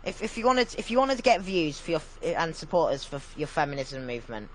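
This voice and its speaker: A man's voice: a little high, sing-song, fast, a bit bright, a little hiss or hum, rough recording. Chatty man, lightly raised voice. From United Kingdom. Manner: chatty, joking, laughs often. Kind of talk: casual chat.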